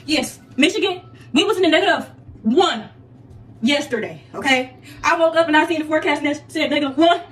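A woman's voice: high voice, brisk. A young woman hosting a casual haul vlog, chatty and slangy, talking straight to her viewers. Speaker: vlogger. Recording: echoey room, distant mic, faint noise.

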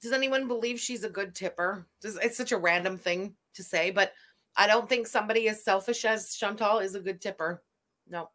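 A woman's voice: mid-range voice, normal speed, fairly bright tone. A woman host giving sarcastic, disgusted reaction commentary over a video.

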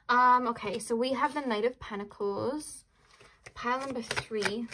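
A woman's voice: medium pitch, moderate pace, bright, forceful tone, slight background noise, low-quality recording. Chatty woman reading tarot. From Wales. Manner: chatty, rambling, frequent "like" and "um" fillers, laughs easily. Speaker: tarot reader. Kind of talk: casual tarot reading to camera.

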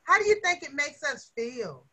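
A woman's voice: high-pitched, big pitch swings, moderate pace, pushed and bright, slight background noise. A woman teacher leading a lesson with young children, coaxing them along with lots of questions.

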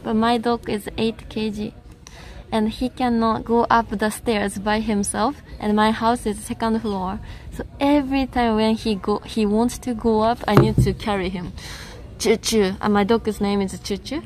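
A woman's voice: on the high side, fairly even intonation, a little slow. A young woman with a Japanese accent, chatting playfully with stream viewers and often giggling between English and Japanese. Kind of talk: casual chat with stream viewers.

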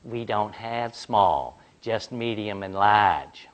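A man voicing a polite young female store clerk who speaks slowly and patiently. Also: lowish voice, expressive, dull audio.

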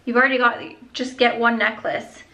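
A woman's voice: a little high, flat delivery, normal speed, vocal fry, pushed and bright, rough recording. A young woman vlogging about her jewelry in a gushing, chatty way, with gasps and whispered asides. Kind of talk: casual chat.

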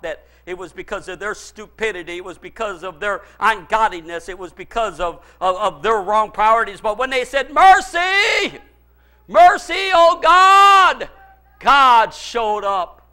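A male pastor delivers a fervent sermon, sinking into low asides before shouting pleas, and he chuckles between lines.

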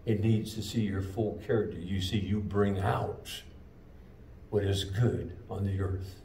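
Slow-preaching pastor in an echoey church. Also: male voice, deep voice, fairly even intonation, dark tone, a little hiss or hum. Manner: slow, emphatic preaching with drawn-out phrases. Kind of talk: sermon. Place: church sanctuary. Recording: echoey church room, mic at a distance.

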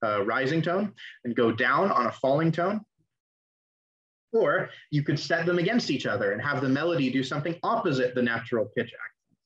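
Chatty young man teaching online, lo-fi sound. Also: mid-range voice. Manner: relaxed and chatty, many ums and restarts. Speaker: class teacher. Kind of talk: casual online lecture.

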